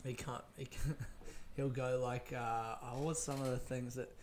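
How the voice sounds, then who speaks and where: A man's voice: medium pitch, flat delivery, a little slow, darkish tone, slight background noise. A young man rambling through a personal childhood story in casual, profane chat, often laughing as he talks.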